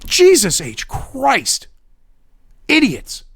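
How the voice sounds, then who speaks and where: An angry, foul-mouthed man ranting sarcastically as a commentary vlogger. His voice runs fairly high and leaps around a lot in pitch. The sound is close and dry, with no room echo. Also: huge pitch swings, extremely slow, a bit bright, breathy edge.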